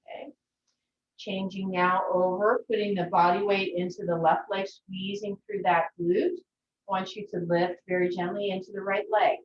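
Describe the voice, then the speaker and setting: Woman, yoga teacher, gentle instructions, echoey room, faint ambience. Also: mid-range voice, fairly even intonation, moderate pace, slight background noise. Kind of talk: guided yoga class. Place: her home. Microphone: video call from a distance. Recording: echoey, distant, dull video-call audio.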